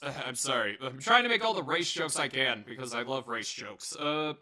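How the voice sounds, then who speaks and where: A man's voice: mid-range voice, lively intonation, moderate pace, hardly any pauses, pushed and bright. A young man giving a casual, rambling movie review, swearing and joking with lots of fillers and restarts. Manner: rambling, profane, jokey, many fillers and restarts.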